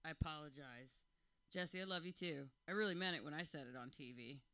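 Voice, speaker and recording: A man's voice: a little high, a little fast, sharp tone, clear, resonant tone, dry recording. A man in his forties, overwhelmed and joking, rambling through thank-yous to friends at his birthday roast. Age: 40s. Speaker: birthday roast guest of honor.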